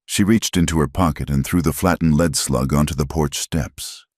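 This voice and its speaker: A man's voice: very deep voice, moderate pace, a little mellow, husky, dry recording, studio quality. A man giving dramatic scripted narration of a story.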